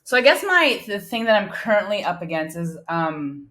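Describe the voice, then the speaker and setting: A woman calling in to a live coaching show, talking earnestly and haltingly about her business. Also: mid-range voice, big pitch swings, fairly bright tone. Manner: earnest, halting, restarts often. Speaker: caller, coach with a small business. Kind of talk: casual live-call conversation.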